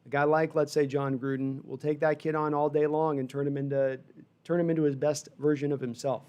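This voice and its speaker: A man hosting a fan livestream, giving rambling, animated live sports reaction with frustrated asides while reading chat. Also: on the high side, brisk, clean tone, lo-fi sound.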